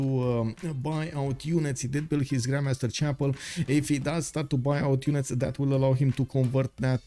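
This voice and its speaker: With a dark, mid-range voice, an esports caster commentates a strategy game live, rambling and leaning heavily on fillers. He reads viewer messages out loud and notes that he is losing his voice.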